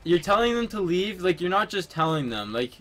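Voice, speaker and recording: A man's voice: high voice, big pitch swings, a little fast, fairly bright tone, faint music behind. A young man telling a story to friends in a casual voice chat, rambling with lots of fillers and swearing.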